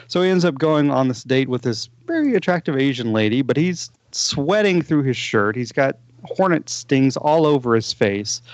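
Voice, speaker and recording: A man's voice: medium pitch, dry recording. A man in easy podcast chat, winding through a long story with plenty of "uh"s and false starts. His voice sits mid-range, and the recording is close, dry and a bit dull. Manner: rambling, retells plots with many fillers and restarts. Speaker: podcast co-host. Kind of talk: casual movie podcast chat.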